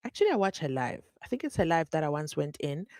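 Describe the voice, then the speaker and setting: Woman, livestream host, lower voice, chatty and animated, dry close mic. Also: fast talker, no echo. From South Africa. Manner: chatty, animated, reads comments aloud. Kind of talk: casual live commentary.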